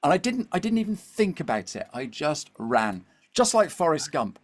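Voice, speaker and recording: A man's voice: a little high, moderate pace. A middle-aged man, a podcast guest, telling a story animatedly and checking in with his listener often. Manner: animated, keeps checking in with "okay?" and "all right?". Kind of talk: storytelling conversation.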